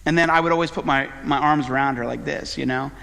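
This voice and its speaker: A man's voice: mid-range voice, fairly even intonation, fast talker, gravelly, a bit bright, in a large hall. A middle-aged man, a pastor, preaching a conversational sermon full of fillers and personal asides. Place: church sanctuary.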